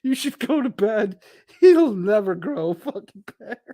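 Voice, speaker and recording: This streamer's voice sits high and sounds expressive and dark, his delivery unhurried, captured close-miked and dry without room sound. Hosting a livestream, he reads the chat's viewer comments out loud in a casual, crude, laughing way.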